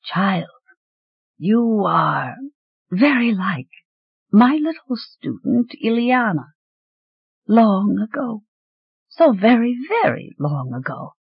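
A narrator voicing an ancient female talking sword with a slow, sleepy, gravelly voice and a dry, mordant humor. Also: medium pitch, very animated, no room sound, voice pushed up, heavily acted. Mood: wistful. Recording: dry, slightly dull recording.

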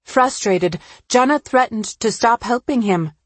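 A woman narrating a story in a measured, solemn scripted reading. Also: on the high side, slightly rough, no echo.

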